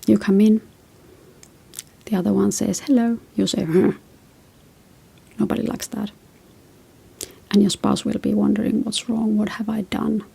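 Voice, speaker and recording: Husky, gravelly woman giving gentle advice. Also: mid-range voice, flat delivery, normal speed, pauses often. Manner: reflective, tells personal stories. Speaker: relationship advice host. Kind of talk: casual advice talk.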